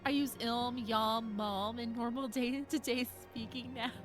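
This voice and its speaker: A woman's voice: a little high, steady tone, unhurried. A young woman streaming a video game, chatting casually with her viewers, giggling and gushing about the characters. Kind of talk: casual gameplay chat reading chat. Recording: game music underneath.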